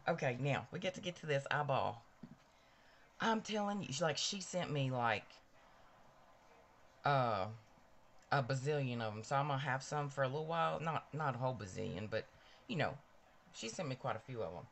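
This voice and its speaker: Gushing, animated woman live-streaming makeup. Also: lowish voice, normal speed, a little hiss or hum. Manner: gushing, chatty, talks straight to viewers. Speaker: livestream host. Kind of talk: casual live-stream chat while doing makeup. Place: at home. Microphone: cabled mic near a ring light.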